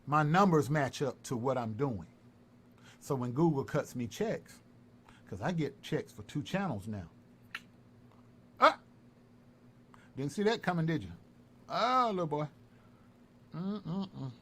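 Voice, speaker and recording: Taunting man, lively pitch swings. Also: measured pace, long pauses, slightly rough. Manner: taunting, repetitive, animated. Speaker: live-stream commentator. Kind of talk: heated livestream callout. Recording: faint background noise.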